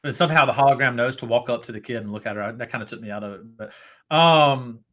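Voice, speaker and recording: Middle-aged male host, bright tense voice, excitable rambling fan energy. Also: medium pitch, quick pace. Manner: enthusiastic, rambling fan talk. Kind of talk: casual chat.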